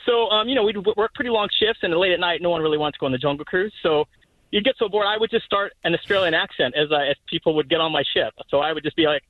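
A man's voice: high-pitched, quick pace, no echo. A young man calling in to a radio show, eager and laughing between lines, heard over a phone line. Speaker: caller. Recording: dry, dull phone line.

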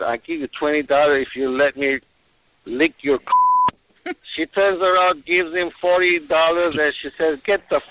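A man calling in to a radio show, haltingly telling a joke. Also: on the high side. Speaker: caller. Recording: tinny phone line with faint noise.

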